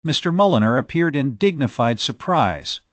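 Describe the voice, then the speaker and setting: A man narrating a classic novel as an audiobook, with expressive storytelling delivery on a close mic. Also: medium pitch, moderate pace, no echo.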